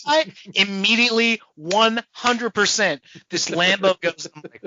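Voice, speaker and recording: A man co-hosting a podcast in casual chat, animated and profane, acting out voices as he tells a story. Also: sits high, moderate pace, hardly any pauses, dry recording, muffled recording. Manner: animated, swearing, acts out people's voices. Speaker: podcast co-host.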